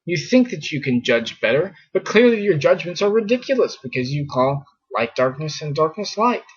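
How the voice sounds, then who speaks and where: A man's voice: a little high, very animated, moderate pace, slightly rough. A man teaching scripture in a casual, conversational way, full of fillers and mock exasperation. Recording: muffled lo-fi recording.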